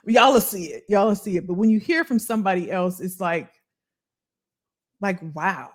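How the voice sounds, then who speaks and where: Animated woman chatting on a livestream. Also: medium pitch, moderate pace. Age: 50s. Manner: animated, chatty, reads and answers live chat, addresses viewers as y'all. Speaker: career coach livestream host. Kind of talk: casual livestream talk to viewers.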